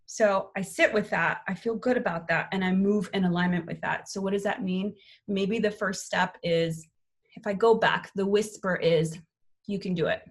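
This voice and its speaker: A woman's voice: medium pitch, steady tone, moderate pace. A young adult woman hosting a live online motivational workshop, upbeat and candid, swearing casually as she coaches. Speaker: workshop host and life coach.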